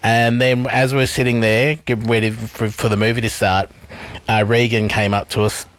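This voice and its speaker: A man's voice: mid-range voice, level tone, moderate pace, a bit bright, dry recording. A middle-aged man co-hosting a radio show, telling a story in a chatty way and acting out what people said. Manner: chatty anecdote-teller, plays out quotes. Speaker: radio co-host. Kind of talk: casual radio chat, storytelling.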